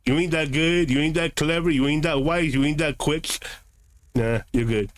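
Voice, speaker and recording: A man's voice: fairly high pitch, moderate pace, no echo. A man streaming a game, answering his live chat in a combative, sarcastic, lecturing way.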